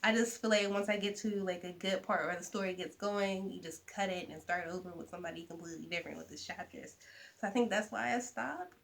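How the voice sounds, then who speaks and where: A young woman chatting casually to camera about books, animated, with soft asides. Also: medium pitch, quick pace, vocal fry. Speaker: vlogger. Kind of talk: casual book chat to camera.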